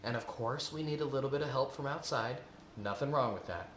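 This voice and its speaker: A man's voice: medium pitch, brisk, fairly bright tone, slight background noise. Earnest man teaching in an echoey room. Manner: earnest and repetitive, asks rhetorical questions. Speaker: eating coach. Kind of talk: spoken self-help lesson.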